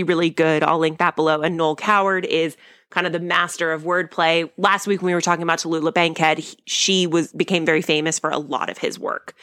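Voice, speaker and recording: A woman's voice: sits low, fairly bright tone, dry recording, studio quality. A young woman hosting a podcast, recapping a sitcom episode in a chatty, wry and opinionated way. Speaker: podcast host.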